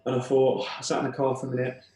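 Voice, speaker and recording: A young man tells a deeply personal story, his voice quiet and flat in tone. He stumbles and restarts often as he speaks. The room around him sounds noticeably echoey. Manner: halting, emotional retelling with many restarts. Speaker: podcast guest.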